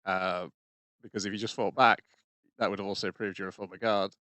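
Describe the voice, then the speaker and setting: A man with a fairly low voice summarizes episodes on a podcast, hesitating with frequent fillers. The sound is dry and close. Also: fairly even intonation, fairly quick, pushed and bright, no echo. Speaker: podcast co-host. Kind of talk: casual chat.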